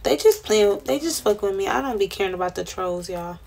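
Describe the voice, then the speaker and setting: Gravelly young woman chatting on a livestream. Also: medium pitch, lively intonation, fairly quick, a little mellow. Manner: slangy, profane, rambling storyteller. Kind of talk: casual livestream chat with viewers.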